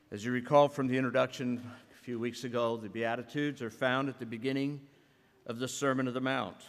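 A man preaching a sermon as a pastor, telling a story in an earnest way and sometimes dropping to a hushed voice. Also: mid-range voice. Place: church sanctuary. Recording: echoey church hall.

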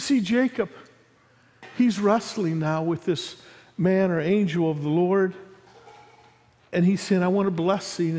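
A man preaching a sermon, retelling a story as he voices its figures and swings between loud and hushed passages. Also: high-pitched, big-room sound. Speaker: pastor.

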